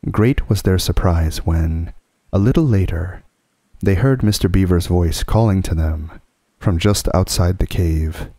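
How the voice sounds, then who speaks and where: Slow deep-voiced man reading a bedtime story. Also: no room sound. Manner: calm, soothing and unhurried.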